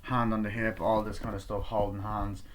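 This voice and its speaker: Young man excitedly reviewing a movie. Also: lowish voice, moderate pace, a little hiss or hum. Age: young adult. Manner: excited, swears, acts out quoted lines. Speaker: film reviewer.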